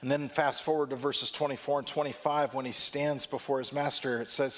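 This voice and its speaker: A man preaching a sermon, reflective and emphatic, slowing down to stress key lines. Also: mid-range voice, steady tone.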